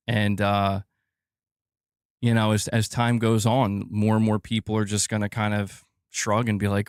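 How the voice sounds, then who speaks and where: A man's voice: lowish voice, steady tone, slow, long pauses, no echo, clean studio sound. A man hosting a live gaming news stream, ranting casually and swearing as he talks to his chat.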